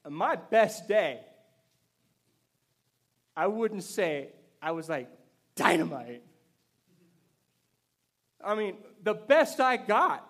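A man preaching a sermon to his congregation with energy, swinging between loud, emphatic bursts and quiet intensity. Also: sits high. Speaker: pastor. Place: church service before a congregation.

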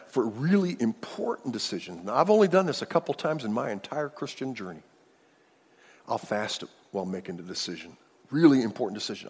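Husky-voiced male pastor preaching in a hall. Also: medium pitch. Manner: conversational preaching with repeated words and acted prayers. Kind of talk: sermon.

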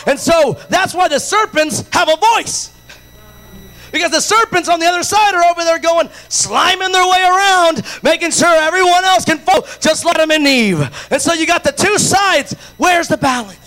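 A man from Latin America preaching a sermon with passion, rising to shouts and acting out the voices of others. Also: extremely high pitch, expressive, normal speed, soft background music, rough recording.

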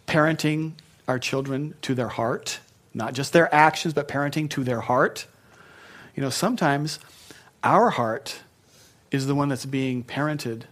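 A pastor delivers a sermon in a man's ordinary mid-pitched voice. His manner is relaxed and conversational, and he pauses now and then for joking asides.

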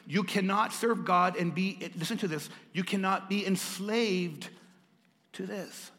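A man's voice: high voice, measured pace, a bit bright, long reverb tail. A male pastor preaching a sermon, dramatic and repeating lines for emphasis as he calls out to the congregation. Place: church.

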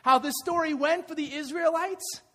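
A middle-aged male pastor preaching a lively sermon, shouting at the peaks and joking in playful asides. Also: very high voice, normal speed. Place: church. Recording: reverberant church hall.

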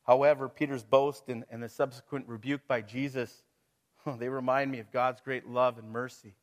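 A man's voice: mid-range voice, level tone, moderate pace. Conversational man preaching a sermon. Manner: conversational preaching with rhetorical questions and chuckles. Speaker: pastor.

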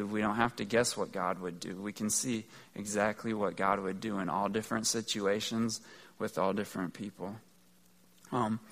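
A man's voice: fairly low pitch, a bit bright. A man giving a conversational, earnest sermon, explaining things step by step. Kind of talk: sermon teaching.

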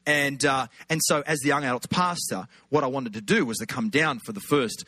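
A man with an Australian accent, a pastor telling funny stories in an animated sermon. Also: medium pitch, brisk, dry recording. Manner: animated, jokey, lots of put-on voices. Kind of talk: humorous sermon storytelling.

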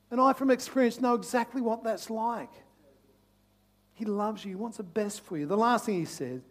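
A man preaching a sermon as pastor, passionate and repetitive, swinging between loud urgent pleas and hushed, intimate tones, often stammering into restarts. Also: sits high, normal speed. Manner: repeats phrases, restarts with stammers.

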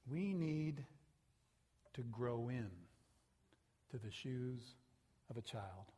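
A man's voice: mid-range voice, drawn-out words, breathy edge. A male pastor preaching a sermon and telling stories with animation. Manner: animated, acts out the people in his stories. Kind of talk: sermon storytelling. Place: church sanctuary.

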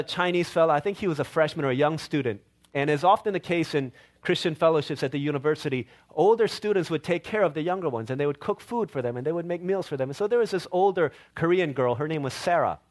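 A middle-aged male pastor preaching a sermon, telling stories with playful quoted voices and asides. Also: a little high.

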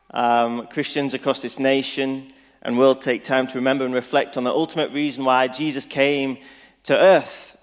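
A man preaching a Good Friday sermon as pastor, slow and earnest. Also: medium pitch. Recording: reverberant hall.

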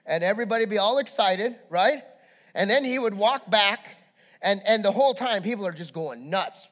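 High-voiced animated male preacher. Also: moderate pace, long reverb tail. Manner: animated storytelling, acts out crowd voices. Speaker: pastor. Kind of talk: sermon.

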